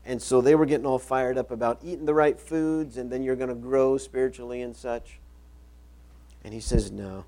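A man's voice: mid-range voice, steady tone, moderate pace, mellow. A middle-aged male pastor preaching a sermon, reading scripture aloud and repeating key phrases for emphasis.

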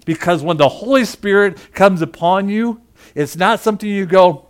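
A man pastor delivering a sermon with passion, dropping to a hush and then rising to loud emphasis. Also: high-pitched, moderate pace, clean tone. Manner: impassioned, swings from hushed to loud.

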